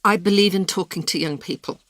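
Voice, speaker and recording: A woman's voice: on the low side, a little fast, fairly bright tone. A woman answering interview questions in a passionate, emphatic way. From Britain. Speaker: politician, interview guest.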